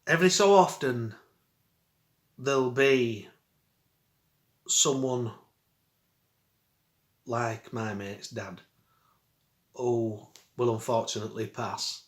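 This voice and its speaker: A man's voice: mid-range voice, takes it slowly, long pauses. Man telling a rambling story. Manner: rambling, chuckling, dialect speech. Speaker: vlogger. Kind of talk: casual storytelling. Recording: roomy echo.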